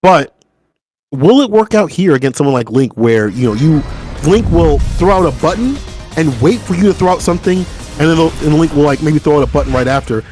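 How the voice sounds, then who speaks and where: A man's voice: on the high side, a little fast, soft background music. Hyped male fighting game commentator. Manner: excitable, hype, talks to chat. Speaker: esports commentator.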